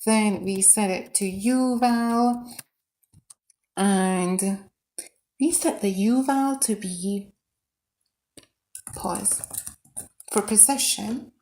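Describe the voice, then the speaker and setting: Excitable woman streaming her mod work. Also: medium pitch, very slow, long pauses. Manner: excitable, thinks aloud, bursts into shouts; mutters quietly while working. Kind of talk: live coding stream.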